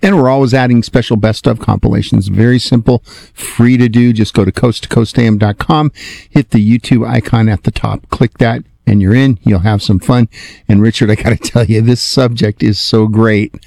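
A man's voice: mid-range voice, fairly even intonation, normal speed, gravelly, darkish tone, no echo, studio quality. A man co-presenting on a radio talk show, playful and teasing in casual banter. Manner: playful, teasing, laughs easily. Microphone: studio microphone.

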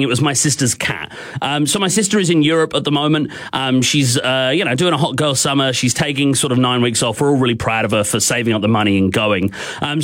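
A man's voice: medium pitch, fairly bright tone. Young Australian man, radio host, candid and rambling, fillers and restarts, mid-range voice. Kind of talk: candid on-air storytelling.

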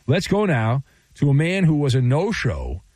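A man's voice: a little high, huge pitch swings, normal speed, a little mellow, no room sound. A man hosting a sports talk radio show, teasing callers with showman delivery. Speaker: radio host.

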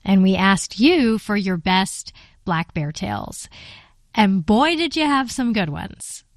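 A woman introduces a radio segment and its listener stories in a bright, conversational presenting style. Her voice sits at an everyday middle pitch, recorded close and dry in a studio. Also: animated, slow pace, no echo. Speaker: radio host.

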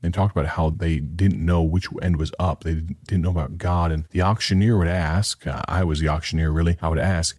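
A man with a very deep, dark voice sets up a sermon for his radio audience. He talks earnestly and plainly, telling a story with a husky grain. The sound is close and dry. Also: steady tone, a little fast, hardly any pauses, dry recording. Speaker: radio preacher. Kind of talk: broadcast sermon introduction.

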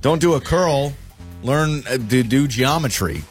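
A man's voice: medium pitch, a little slow, faint music behind. A man co-hosting a casual radio show, cracking jokes and getting worked up when he takes sides. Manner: joking, gets worked up and animated. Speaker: radio co-host. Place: radio studio.

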